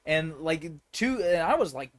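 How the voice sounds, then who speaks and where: A man's voice: sing-song, unhurried. A young man co-hosting a casual podcast, joking, swearing and acting out stories. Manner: joking, acts out quotes in high voices, swears. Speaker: podcast co-host. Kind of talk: casual chat.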